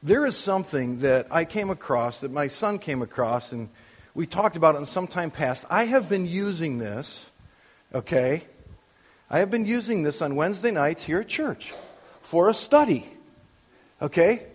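A man's voice: on the high side, expressive, moderate pace, husky, long reverb tail. An older man preaching as a pastor, conversational and full of questions to the congregation. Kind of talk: sermon. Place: church.

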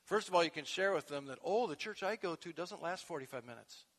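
A male pastor preaching a sermon, animated, swinging from soft conversational asides to loud emphatic peaks. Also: a little high, a little fast. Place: church sanctuary. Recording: long echo of a large hall.

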